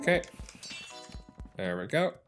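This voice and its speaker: Rambling let's-player with a lively voice. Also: mid-range voice, takes it slowly, over music. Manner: rambling, swears, restarts, exclaims at the game. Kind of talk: casual gameplay commentary.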